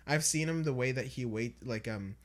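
A man's voice: medium pitch, moderate pace. A man hosting a casual podcast, telling rambling stories and laughing often as he talks. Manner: rambling storyteller, laughs a lot. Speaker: podcast host.

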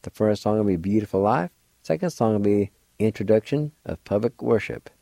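Fairly low, creaky and mellow yet animated, this radio host's voice carries a language lesson with no echo. He patiently spells out words letter by letter and pronounces them, slow and encouraging.

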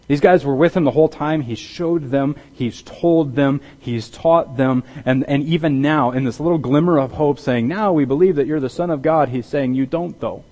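A pastor delivering a conversational sermon, often restarting his sentences and growing animated when he acts out what is said. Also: medium pitch, moderate pace, rough recording. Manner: conversational with repeated restarts, grows loud and animated in dramatized quotes.

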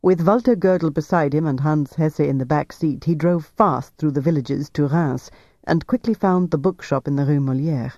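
A man narrating a novel aloud in a measured, even storytelling manner. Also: on the high side, no echo, lo-fi sound. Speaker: audiobook narrator.

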